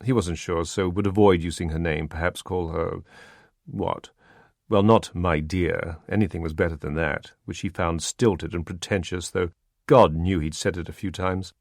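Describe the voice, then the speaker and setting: A man reading a wartime spy novel aloud in measured, even scripted narration. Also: low voice, no echo. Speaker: audiobook narrator. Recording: dry close studio sound.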